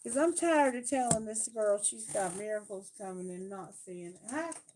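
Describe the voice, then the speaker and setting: A woman doing a live tarot reading, talking bluntly and emphatically, swearing freely and asking Spirit questions out loud. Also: medium pitch, normal speed, a little hiss or hum. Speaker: tarot reader.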